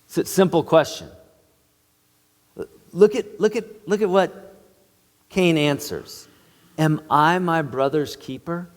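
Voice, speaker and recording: Earnest male pastor in a reverberant church. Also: sits high. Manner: earnest, emphatic preaching. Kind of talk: sermon. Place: church sanctuary.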